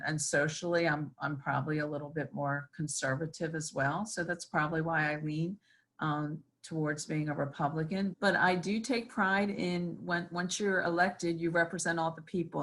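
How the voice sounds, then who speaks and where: Low-voiced woman senator answering questions. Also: fairly bright tone. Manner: earnest, with many fillers. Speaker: state senator. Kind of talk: interview answers.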